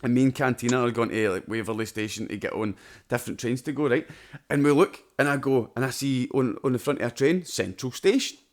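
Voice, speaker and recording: A man's voice: mid-range voice, fairly quick. Sweary Scottish man spinning a yarn. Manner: swears freely, loud and laughing while telling anecdotes. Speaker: podcast co-host. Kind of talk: casual chat, storytelling.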